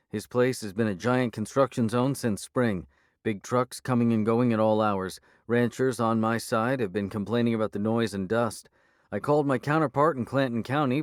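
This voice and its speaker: A man voicing a blunt, sardonic small-town woman sheriff, brisk and impatient, in an audiobook. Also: mid-range voice, no room sound, clean studio sound, voice pushed up, close to an everyday voice. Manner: brisk, impatient, dryly sarcastic. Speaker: character voice in an audiobook.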